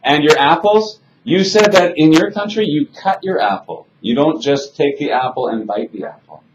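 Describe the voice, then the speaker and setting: A man's voice: on the high side, lively intonation, normal speed, lo-fi sound. A man teaching an English conversation class, friendly and chatty, asking students simple questions.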